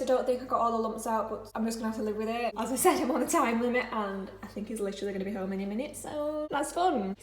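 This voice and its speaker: Young woman, higher voice, chatty self-mocking baking vlog, echoey kitchen, faint noise. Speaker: vlogger. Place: home kitchen.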